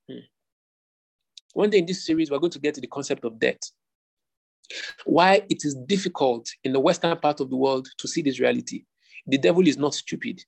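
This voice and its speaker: A man preaches a sermon with a gravelly, husky voice that sits a little high. He presses his points with rhetorical questions and says key lines twice. He is speaking to an online group. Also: darkish tone. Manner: rhetorical questions, repeats phrases, emphatic. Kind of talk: sermon teaching.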